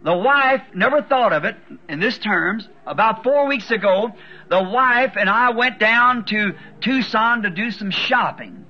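A man preaching a sermon, telling a story with fervent, halting delivery and repeated words. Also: high-pitched, lively intonation, muffled recording, slight background noise. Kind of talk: sermon testimony.

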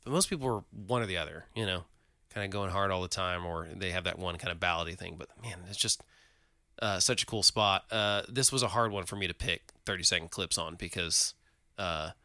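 A man's voice: deep voice, fairly quick, bright, forceful tone, dry recording. A man co-hosting a casual music chat, enthusiastic and rambling with lots of fillers. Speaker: podcast co-host.

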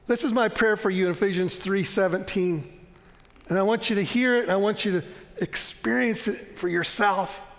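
A man preaching a sermon in church as pastor, earnest and emphatic, often slowing down and dropping to a soft hush. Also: sits high, long reverb tail.

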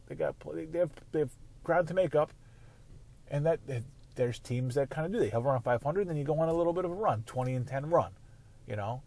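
A man with a slightly high, creaky, dark-toned voice hosts a casual solo sports podcast. He talks conversationally, rambling and swearing freely.

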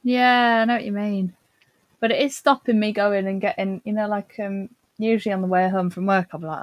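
Giggly english woman, casual chat, dry close mic, middle pitch. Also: a little fast, no echo. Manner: giggly, animated reactions.

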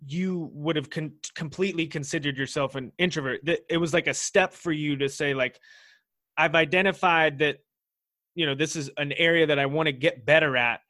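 Man with a slightly raised pitch, hosting an interview. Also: fairly even intonation, normal speed, bright, forceful tone, no echo, clean studio sound. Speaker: podcast host. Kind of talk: interview chat.

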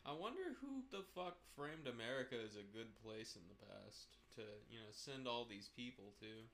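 A man co-hosting a casual podcast, cracking sarcastic deadpan jokes with sudden outbursts. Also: medium pitch, moderate pace. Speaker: podcast co-host.

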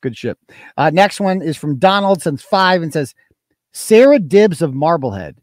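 A man with a slightly high voice hosts a live stream, reading out donations between long rants. He talks in a profane, mocking and combative way, and the sound is dry and close. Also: big pitch swings, a little slow, no echo. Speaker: live show host.

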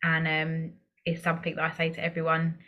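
A woman hosts a podcast interview in a casual, reflective tone. Her voice is on the low side for a woman. She encourages her guest as she shares her own experience. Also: monotone, fairly quick, muffled recording. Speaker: podcast host.

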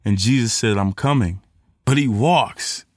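A young man hosting a podcast, giving an animated motivational faith talk in casual slang and acting out the voices he quotes. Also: lowish voice, measured pace, no room sound, clean studio sound. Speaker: podcast host.

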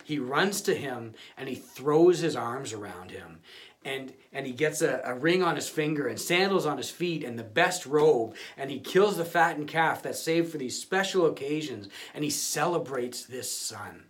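A man's voice: mid-range voice, animated, normal speed. A male pastor giving a conversational sermon, often restarting and repeating words.

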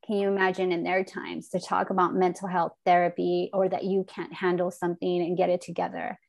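A woman's voice: lowish voice, little pitch movement, a little fast, gravelly, a little mellow. A woman in her forties talking in an earnest, reflective way, casual and candid, with the odd swear word, as a podcast host. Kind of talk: candid heartfelt conversation.

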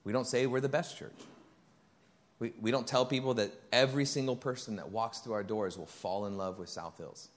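A man pastor preaching a sermon in a church, conversational and animated, acting out bits of dialogue and getting loud and high when excited. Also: moderate pace. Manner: conversational, acts out quoted dialogue.

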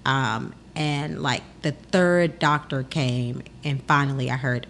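A woman's voice: very deep voice, slow pace, slight background noise. A young adult woman hosting a podcast, telling a personal story in casual talk and acting out the voices of the people in it. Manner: animated, acts out the voices of people in her story. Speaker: podcast host.

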